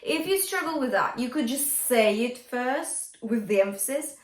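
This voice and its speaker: A woman singer and vocal coach teaching a song gently and encouragingly, and singing short lines to show each technique. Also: on the high side, animated, moderate pace, hardly any pauses. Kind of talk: singing lesson with sung demonstrations. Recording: echoey room with faint guitar music.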